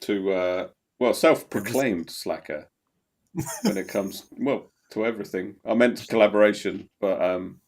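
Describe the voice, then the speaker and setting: A man's voice: lowish voice, a little slow, a little mellow. A man hosting a podcast in casual chat, hesitant and wry, trailing off and circling back. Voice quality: hesitant, vague, full of ums and restarts, wry. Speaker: podcast host.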